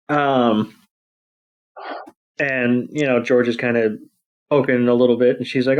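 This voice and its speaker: A man's voice: mid-range voice, expressive, slow, long pauses, dull audio. A man co-hosting a podcast, recapping a cartoon episode in casual chat, rambling with many fillers and acting out the characters' lines. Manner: rambling, many ums and you-knows, acts out quotes. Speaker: podcast co-host.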